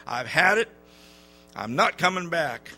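A man's voice: on the high side, lively intonation, unhurried, sharp tone, soft background music, voice pushed up, full character voice. A man putting on the voice of an angry woman churchgoer, complaining indignantly.

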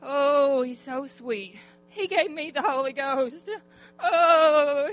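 A high-voiced middle-aged woman speaks before a church congregation, giving her testimony. Her delivery is heartfelt and fervent, full of sighing "oh"s. Faint music sits quietly behind her. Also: slow pace.

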